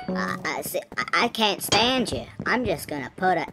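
A woman's voice: lowish voice, moderate pace, over music. A woman commenting on a block game as a small, rebellious talking flower pot, stammering and repeating her words. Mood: nervous chatter. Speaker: gameplay commentator. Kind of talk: in-character gameplay commentary. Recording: home mic with steady hiss.

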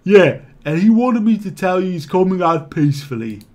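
A man plays a male half-orc adventurer from a video game in his plain voice, casual and a bit hesitant, pitched slightly high. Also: very animated, moderate pace, darkish tone.

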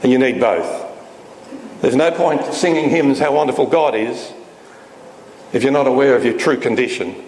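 A man's voice: normal speed, long pauses, darkish tone. Emphatic male preacher in an echoey hall. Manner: emphatic, rhetorical questions, pitch swinging up and down. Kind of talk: sermon. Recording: echoey hall with faint noise.

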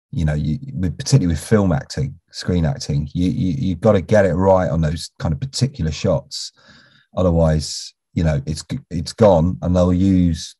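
A man's voice: deep voice, dark tone, breathy edge, no echo. A middle-aged British man, an actor, casually telling a long anecdote in a rambling way, full of restarts and "you know", sometimes dropping almost to a whisper. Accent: British English. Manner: rambling, with many restarts and "you know"s, drops to a near whisper when quoting. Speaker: actor interviewed as a guest.

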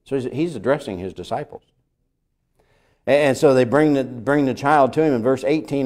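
A man preaching a sermon lesson, earnest and emphatic, asking his listeners rhetorical questions and swinging between loud peaks and quiet lines. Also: medium pitch, moderate pace. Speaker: pastor.

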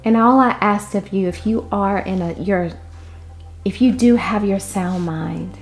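A woman delivering a prophetic word in an impassioned way, moving between loud declarations and hushed asides. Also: medium pitch, a little slow, faint music behind. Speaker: prophetic minister.

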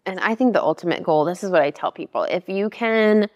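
A woman's voice: fairly low pitch, expressive, brisk, darkish tone, in a large hall. A woman dietitian from Alaska, chatting casually in an interview and explaining diet plainly, laughing easily. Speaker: dietitian and nutritionist guest.

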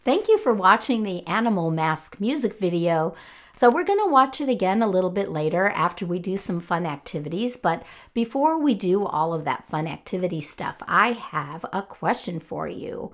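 Gentle sing-song woman teaching children. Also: mid-range voice, sing-song, normal speed. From Missouri. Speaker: parent educator. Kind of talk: children's music lesson with singing.

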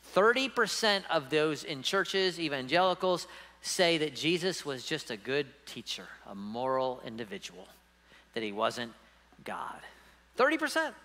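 A man preaches to his congregation in a bright, forceful voice pitched a little high. He talks emphatically but conversationally, often checking in with his listeners. The sound carries a long reverb from a church hall. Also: expressive, a little slow. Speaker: pastor. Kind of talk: sermon. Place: church sanctuary.

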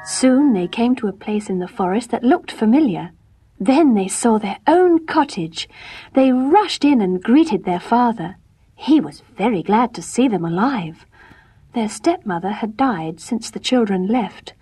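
A woman storyteller reading a fairy tale aloud in gentle, measured, soft-spoken scripted narration. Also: on the high side, animated, slightly rough.

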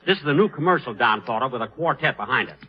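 A man's voice: medium pitch, lively intonation, quick pace, breathy edge. A man hosting a 1940s radio comedy show, vain and easily flustered, sliding into mock indignation. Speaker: comedian host. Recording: dull old radio recording.

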